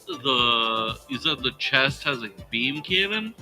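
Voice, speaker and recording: Man, player, very slow speech, middle pitch, faint music. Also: animated, pushed and bright. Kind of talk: casual tabletop play.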